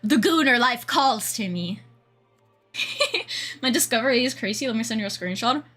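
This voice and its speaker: A young woman with a Swedish accent talks to her stream chat in a high, bright voice that leaps around a lot. She rambles casually and breaks into giggles often. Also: lively intonation, moderate pace, soft background music. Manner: giggly, rambling, frequent laughter.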